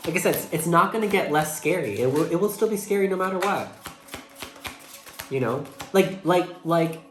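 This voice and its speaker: A young adult tarot reader giving a casual, emotional monthly reading, talking earnestly, swearing casually and saying "like" a lot. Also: mid-range voice. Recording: echoey room with faint music behind. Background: faint background music.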